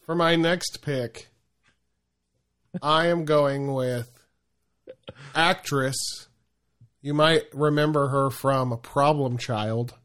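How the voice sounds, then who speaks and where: A man co-hosting a podcast, relaxed and joking, swearing casually. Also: medium pitch, extremely slow, pauses often. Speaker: podcast co-host.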